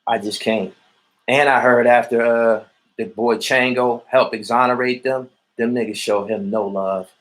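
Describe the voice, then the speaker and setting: A man's voice: mid-range voice, fairly even intonation, a little slow, a bit bright, rough recording. Guy ranting on a stream, blunt and repetitive, swears a lot. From Erie, Pennsylvania. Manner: blunt, repetitive, profane street talk. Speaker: vlogger reading viewer comments. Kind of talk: livestream rant reacting to comments.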